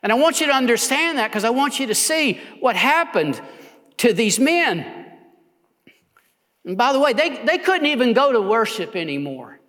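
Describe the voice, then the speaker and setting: Impassioned high-voiced male pastor preaching. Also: big pitch swings, normal speed, big-room sound. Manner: impassioned, rising to near shouts then dropping low. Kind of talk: sermon.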